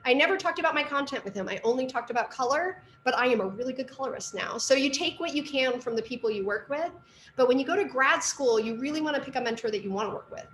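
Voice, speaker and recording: A woman's voice: sits high, expressive, fast talker, a bit bright, echoey room, slight background noise. A middle-aged woman, an artist and art teacher, giving a casual lecture with lots of asides and fillers. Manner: chatty storytelling with fillers and asides.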